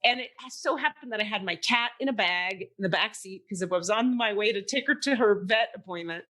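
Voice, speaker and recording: A woman podcast host tells a long story in casual chat, acting out the people she quotes. She is animated and profane, speaking briskly at a medium pitch.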